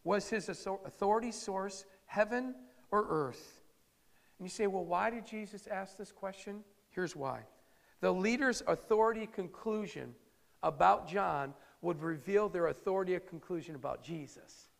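A man's voice: sits high, normal speed, gravelly, big-room sound. A man preaching a sermon in a conversational, emphatic way, acting out the quotes he reads. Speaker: pastor.

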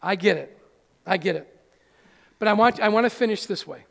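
A man preaching a sermon as pastor in a church, animated and acting out little scenes. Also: sits high, normal speed, gravelly. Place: church sanctuary. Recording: church hall reverb.

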